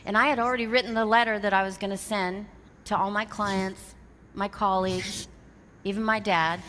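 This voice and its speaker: A woman's voice: medium pitch, steady tone, normal speed, fairly bright tone. A woman with a mid-range voice delivers a motivational talk, retelling conversations in quotes and driving home her lessons with emphasis. She sounds like she is in a large venue. Her voice carries a long reverb tail over faint background noise. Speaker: motivational speaker.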